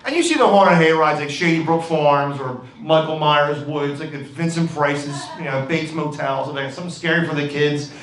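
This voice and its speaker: A man's voice: a little high, normal speed, hardly any pauses, a bit bright. A middle-aged man with a Philadelphia accent doing a rambling, brash stand-up comedy set on a club stage. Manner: brash, rambling, with frequent "all right" and "okay". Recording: echoey club room with crowd noise.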